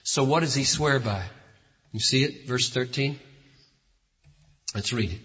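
A man preaching a sermon as pastor, emphatic, building to loud, slow declarations. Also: medium pitch, slightly rough. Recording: lo-fi recording in a reverberant hall.

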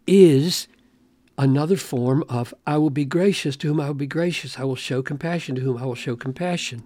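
A man's voice: mid-range voice, a little mellow, dry recording, clean studio sound. A man giving an expository Bible lesson, reading scripture aloud and explaining it, stressing key phrases by repeating them. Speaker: Bible teacher.

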